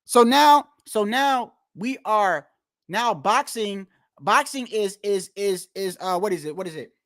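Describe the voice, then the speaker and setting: A man's voice: high-pitched, lively intonation, measured pace, fairly bright tone, no room sound, studio quality. A man ranting casually about boxing rankings, profane and repetitive, tired after a long day and talking straight to his viewers. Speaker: boxing commentator.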